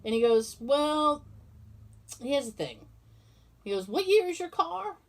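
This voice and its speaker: A woman's voice: high voice, big pitch swings, a little slow. A woman hosting a podcast, casually telling a story and acting out both sides of the conversation, swearing freely. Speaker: podcast host. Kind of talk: casual chat.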